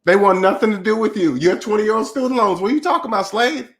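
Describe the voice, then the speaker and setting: Male streamer host, high-ish voice, preachy mocking rant, tail end of a cold. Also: lively intonation, fast. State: getting over a cold. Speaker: channel host. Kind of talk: livestream rant reading chat.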